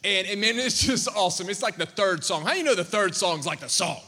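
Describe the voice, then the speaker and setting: Bright-voiced man preaching in an echoing church. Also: high voice, quick pace. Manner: animated, calls out questions to the audience. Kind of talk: storytelling sermon to a congregation. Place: church sanctuary. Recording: long church-hall reverb.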